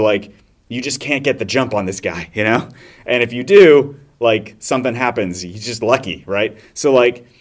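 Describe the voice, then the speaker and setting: A man in casual podcast chat, retelling a movie with animated energy and quick acted-out voices. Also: fairly low pitch. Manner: animated storyteller acting out scenes in voices. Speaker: podcast host.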